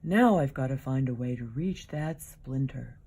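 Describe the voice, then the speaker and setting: A woman voicing a whiny young male iguanodon with a sore foot, wailing loudly. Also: extremely low pitch, lively intonation, a little slow, breathy edge, full character voice.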